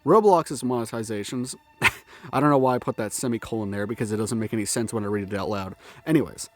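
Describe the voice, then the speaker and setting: A man's voice: lowish voice, quick pace. A man hosting a commentary video, ranting and swearing freely, laughing at his own asides, a bit out of breath from the cold. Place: outdoors in the cold.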